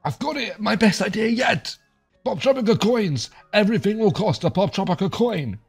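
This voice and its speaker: A greedy video-game villain gloats in a gleeful, high-pitched voice, as a man puts him on. The delivery is scheming and pleased with itself. Faint music sits behind him. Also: animated, normal speed, vocal fry, slightly rough, full character voice.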